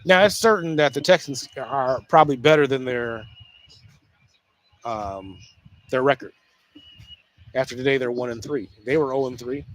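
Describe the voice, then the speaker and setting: A man hosting a casual solo sports talk show, speaking in an animated way with frequent restarts and repeated phrases. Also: medium pitch, normal speed, pauses often, no echo.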